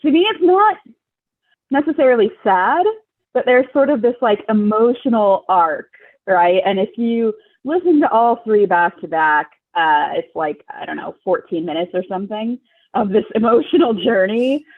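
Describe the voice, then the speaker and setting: A woman's voice: medium pitch, animated, normal speed. A young adult woman from Long Beach, California, a guest on a podcast, chatting casually and rambling with lots of "like" and "um". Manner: rambling, hesitant, full of "like" and "um". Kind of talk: casual chat. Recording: phone-like remote call line.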